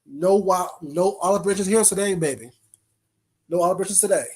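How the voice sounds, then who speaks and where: A man's voice: high-pitched, fairly quick, darkish tone, breathy edge. A man hosting a casual livestream, bluntly cussing out trolls and greeting viewers in the chat by name. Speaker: livestream host.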